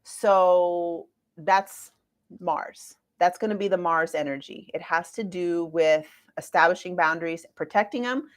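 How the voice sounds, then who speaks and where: A woman's voice: on the low side, measured pace. Chatty, playful woman in her forties. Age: 40s. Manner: lively, chatty, playful asides. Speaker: astrologer. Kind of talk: casual astrology talk to viewers.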